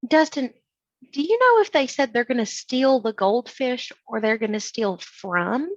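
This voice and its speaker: Slow-talking woman on a dull dry mic. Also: a little high, lively intonation, dry recording. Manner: deliberate, questioning. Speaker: player. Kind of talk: casual tabletop play.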